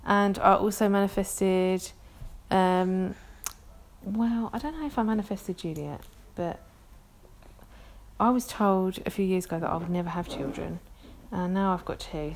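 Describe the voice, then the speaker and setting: A woman's voice: lowish voice, a little hiss or hum. A woman in her thirties with a London accent, chatting casually on her own podcast, rambling and self-deprecating with many ums. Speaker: podcast host. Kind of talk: casual solo podcast chat.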